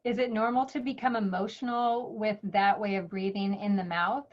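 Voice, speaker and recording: A woman moderating a session, reading out audience questions in a plain, measured way. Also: mid-range voice, fairly even intonation, darkish tone. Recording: dull lo-fi sound.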